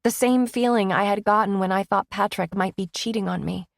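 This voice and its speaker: A woman's voice: medium pitch, a little fast, vocal fry, dry recording, studio quality. Woman narrating a romance audiobook. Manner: emotive, intimate first-person reading.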